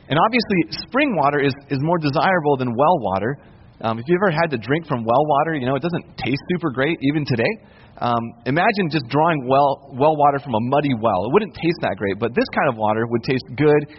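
A man preaching a sermon, explaining scripture in a relaxed, conversational way and retelling the story in everyday words. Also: on the high side, slightly rough. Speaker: pastor. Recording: roomy reverb, muffled lo-fi sound.

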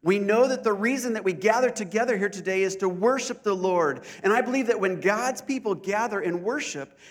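A male pastor preaching a sermon at a church service, deliberate and slowing down to stress key points. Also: high-pitched. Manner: deliberate, slows down for emphasis.

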